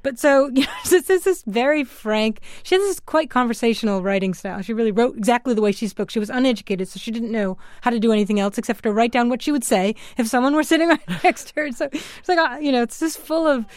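A woman historian as a guest in a radio interview, talking in an animated way and laughing often. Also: a little high, quick pace, few pauses, no room sound, clean studio sound.

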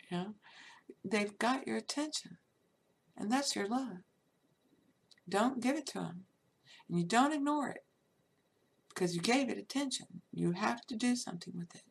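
A woman's voice: medium pitch, lively intonation, normal speed, creaky, breathy edge. A woman talking in an unscripted monologue, emphatic and rambling, full of "you know" fillers, with scolding outbursts.

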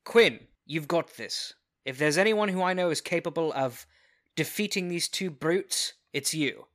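An earnest male bard who speaks with heartfelt encouragement, voiced by a man playing his character. His tone lifts a little above the player's usual voice and sounds bright. The delivery is sincere and slightly slowed. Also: on the high side, voice pushed up.

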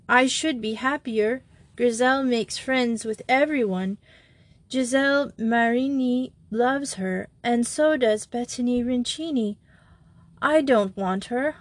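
A woman's voice: a little high, no echo, voice pushed up. A woman voicing a lonely, tearful young French schoolgirl who pleads between sobs. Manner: sobbing, pleading.

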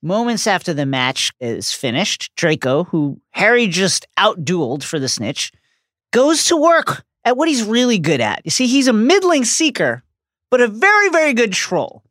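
Playful woman with a lively, bouncing voice. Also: medium pitch, moderate pace, no echo, studio quality. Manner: playful, jokey narration with slang asides. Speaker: podcast co-host. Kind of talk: scripted book recap.

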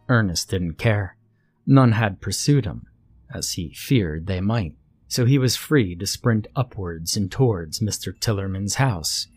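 Slow, husky-voiced horror narrator, a man. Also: lowish voice, expressive, darkish tone, no echo. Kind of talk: scripted horror story narration. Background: faint music.

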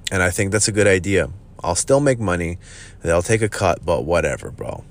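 A man who hosts a podcast and owns a gym gives a casual, profane monologue, blunt and full of "bro." He speaks low with lively intonation at a moderate pace.

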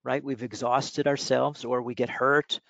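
A man with a gravelly, creaky voice talks a guest through mindfulness exercises in a relaxed, teaching manner, sprinkling in plenty of "you know" fillers. The audio is dull and lo-fi, dry with no room sound. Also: medium pitch, a little slow, no echo. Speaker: mindfulness coach and author, guest. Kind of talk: explanatory interview talk.

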